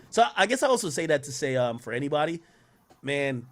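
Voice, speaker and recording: A man streaming casually to his viewers, using slang and easily breaking into loud, excited shouting. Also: on the high side, a little fast. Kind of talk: casual reaction stream chat.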